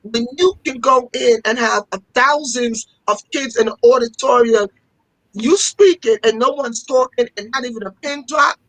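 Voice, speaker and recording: A woman who runs a fashion school appears as a guest in a casual interview, telling stories passionately and often repeating herself for emphasis. Her voice is a little high and a bit bright, at a normal speed. The recording is dry and low in quality.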